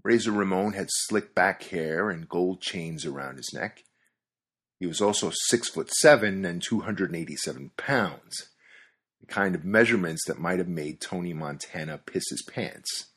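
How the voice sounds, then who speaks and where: A man's voice: low-pitched, moderate pace, fairly bright tone, husky. A man reading a scripted monologue in a wry, conversational way, amused at times. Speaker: commentator.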